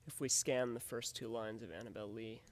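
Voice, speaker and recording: A man's voice: on the low side, fairly even intonation, normal speed. A man teaching a recorded lesson on poetry, explaining it step by step in a methodical way. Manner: methodical, explanatory, often says "in fact". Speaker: literature teacher.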